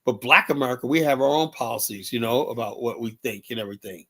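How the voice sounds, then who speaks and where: A man with a New York accent rambles through a casual opinion chat as host. He keeps looping back with "you know" and stays animated. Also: mid-range voice, fast. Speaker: show host.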